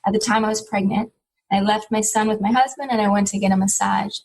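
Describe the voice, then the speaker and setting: A woman's voice: mid-range voice, fairly even intonation, fast talker, darkish tone, faint music behind, low-quality recording. A woman in her thirties, a guest on an interview podcast, telling a personal story in a reflective, heartfelt way, with many "you know" fillers.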